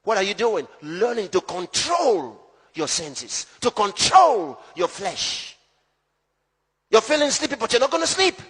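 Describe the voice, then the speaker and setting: A man preaching a sermon as pastor, emphatic, swinging between loud shouts and low hushed lines. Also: very animated, a little slow, breathy edge, in a large hall.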